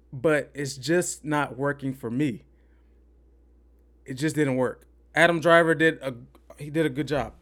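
A man's voice: fairly high pitch, steady tone, measured pace, pauses often, fairly bright tone. A man hosting a podcast, giving an opinionated, rambling movie review and repeating himself for emphasis. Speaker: podcast host. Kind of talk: casual movie review rant.

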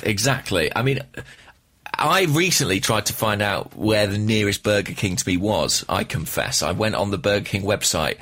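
A man's voice: fairly low pitch, lively intonation, normal speed, fairly bright tone. A British man co-hosting a football podcast, chatting thoughtfully with dry, understated humour. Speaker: podcast co-host. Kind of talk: casual chat.

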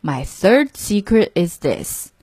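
A wise old grandpa toad speaks slowly and gravely, as a woman reading a storybook puts him on. The voice is lowered and breathy, recorded close and dry. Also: sing-song, a little mellow, no room sound, full character voice. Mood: solemn. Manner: slow, declaring, sage.

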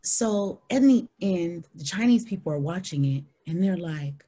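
Woman guest, husky, dark voice, lowish pitch, animated storytelling. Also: measured pace, few pauses. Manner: animated, acts out quoted people in high voices. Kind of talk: storytelling in a podcast chat.

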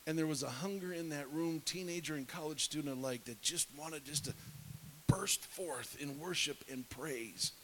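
A middle-aged man preaching with a somewhat high voice, telling a story with animation. He sometimes drops to a hushed whisper to act out scenes. A faint hiss runs under the recording. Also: normal speed, rough recording. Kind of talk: sermon storytelling.

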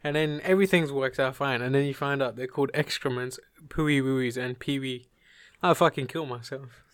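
A man's voice: medium pitch, moderate pace, a bit bright, clean tone, no room sound. A young man with a close mic, joking crudely, swearing and giggling through casual banter. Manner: giggly, jokey, swears a lot.

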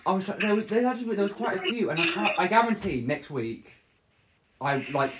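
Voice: medium pitch, lively intonation, brisk, slight background noise. A podcast host rambling through a casual chat and laughing often.

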